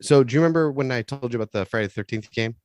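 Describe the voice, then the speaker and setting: A man's voice: mid-range voice, darkish tone, no echo. A man co-hosting a podcast in casual chat, rambling with many restarts and swearing freely. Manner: rambling, halting restarts, profane. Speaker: podcast co-host.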